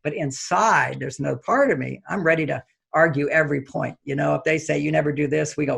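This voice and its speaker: A man, a relationship author appearing as a guest, tells a personal story fairly quickly in a creaky voice with a breathy edge. He acts out how he reacted with sudden, high, loud jumps.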